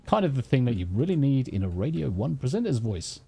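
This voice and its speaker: A man's voice: medium pitch, big pitch swings, brisk, creaky, mellow, slightly rough. A man streaming a game, chatting casually, swearing and teasing while thanking viewers. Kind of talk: casual live-stream chat. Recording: faint music behind.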